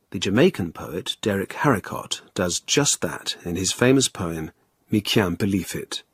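A man's voice: lowish voice, slightly rough, no echo, clean studio sound. A man hosting a poetry programme in a pompous, self-important and earnest way. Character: pompous male poet hosting a show. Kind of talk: comic scripted presentation and poetry reading.

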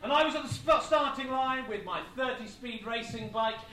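A man doing live stand-up, telling an absurd story in a deadpan way with wry asides. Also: extremely high pitch, normal speed, slight background noise. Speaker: stand-up comedian. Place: comedy venue with live audience. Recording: echoey club, distant mic, audience.

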